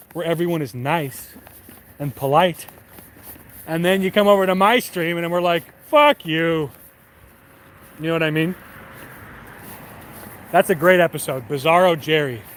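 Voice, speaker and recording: Young male streamer, slightly high voice, rambling profane chat on a night walk, faint traffic behind. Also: fairly bright tone. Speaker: live streamer. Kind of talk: casual chat to stream viewers. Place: city street at night, outdoors.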